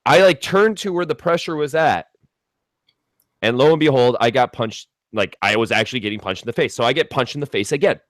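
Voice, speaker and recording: A man's voice: medium pitch, a little fast, no echo. Young guy rambling through a story, lots of swearing and likes, dry close sound. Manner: rambling, profane, animated retelling with many fillers. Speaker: storyteller guest. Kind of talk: casual storytelling chat.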